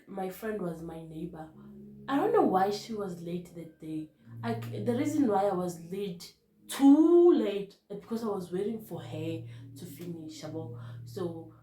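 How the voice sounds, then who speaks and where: Young South African woman, lowish voice, hushed confessional vlog storytelling, echoey room. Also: a little hiss or hum. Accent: South African, mixing in Zulu. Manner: hushed and subdued when recalling events, code-switching. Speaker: vlogger. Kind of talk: personal storytelling to camera.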